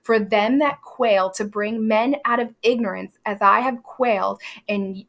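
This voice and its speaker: A woman reading aloud the lines of a defiant man who accuses a judge, in a loud, declaiming way. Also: medium pitch, a little slow, gravelly.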